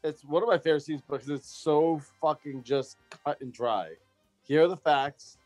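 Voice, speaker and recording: A man's voice: fairly high pitch, moderate pace, a little mellow, no room sound, soft background music. A man co-hosting a casual movie podcast, blunt and joking, with frequent swearing. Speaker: podcast co-host.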